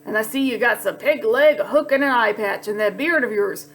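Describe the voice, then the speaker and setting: Cranky male pirate captain in a kids' storybook, gruff and loud, read by a woman. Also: fairly high pitch, fairly quick, natural voice. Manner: rhyming, bellowing pirate talk.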